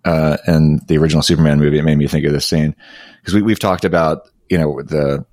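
Male podcast co-host with a very deep voice, halting delivery, dry recording. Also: fairly even intonation, darkish tone, dry recording. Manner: hesitant, restarts often. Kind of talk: casual chat.

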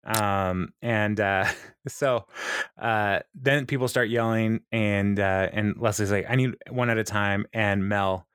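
Low-voiced man recapping a show, dry sound. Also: fairly even intonation, takes it slowly, fairly bright tone, smooth, no echo. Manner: retells scenes with quoted lines, many fillers, laughs often. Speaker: podcast co-host recapping a sitcom episode. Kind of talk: casual chat.

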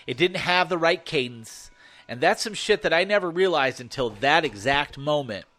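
A man narrating a first-person horror story, swearing freely and telling it with animated energy. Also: fairly high pitch, normal speed.

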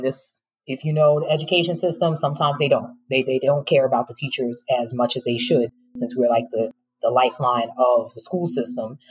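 In an interview, a middle-aged former teacher frankly shares her personal story with emotion and occasional laughter. Her voice is very deep, and the recording is low quality.

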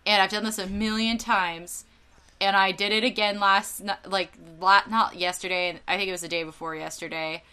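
A woman's voice: medium pitch, moderate pace, clean tone. A young woman from Northern California, co-hosting a podcast and telling a comic everyday story with dramatic, swearing asides. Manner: animated, dramatic, swears and laughs often. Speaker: podcast co-host. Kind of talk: casual storytelling chat.

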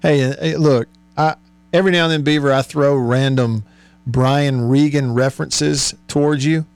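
A man's voice: medium pitch, steady tone, normal speed, clear, resonant tone, no echo. A man hosting a radio talk show, chatting and joking with his co-host and laughing often. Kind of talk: casual on-air banter.

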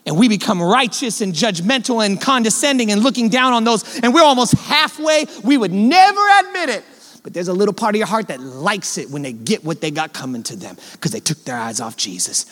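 High-voiced man preaching in a reverberant hall. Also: animated, a little fast. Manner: fervent preaching, swinging between loud emphasis and hushed, low asides; colloquial, direct address to the congregation. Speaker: pastor. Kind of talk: sermon. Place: church sanctuary.

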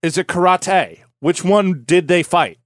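A man's voice: high voice, unhurried, no echo, clean studio sound. A man co-hosting a comedy podcast, throwing out playful wisecracks in casual banter. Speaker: podcast co-host. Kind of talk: joking banter.

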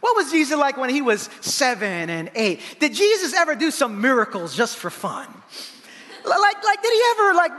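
A male pastor preaching a sermon in an animated, playful way, acting out the lines he quotes. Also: extremely high pitch. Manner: animated, playful preaching with laughs and voiced asides. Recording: long hall reverb.

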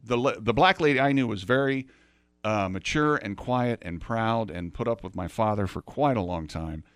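A man's voice: on the low side, normal speed, fairly bright tone, smooth, no echo. A man hosting a podcast, chatting casually in a rambling, self-interrupting way. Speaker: podcast host. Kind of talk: casual chat.

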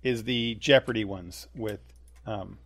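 A man co-hosting a casual podcast, talking in a relaxed, conversational way with frequent restarts. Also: lowish voice, unhurried. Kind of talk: casual chat.

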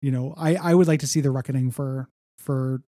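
A man's voice: medium pitch, steady tone, a little fast, mellow, dry recording, clean studio sound. A man co-hosting a casual comics podcast, recapping story beats in a rambling way with lots of fillers and quoted lines. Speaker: podcast co-host.

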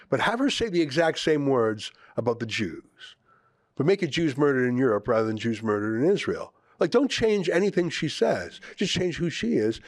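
A man's voice: medium pitch, dry recording. A man hosting an opinion commentary show, speaking emphatically and firing off sarcastic rhetorical questions. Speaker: host.

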